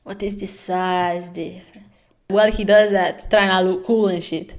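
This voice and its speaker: Woman, webtoon reaction commentary, sarcastic, swears a lot, mid-pitched voice. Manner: sarcastic, swearing, animated reading of lines; plays every character in quick put-on voices.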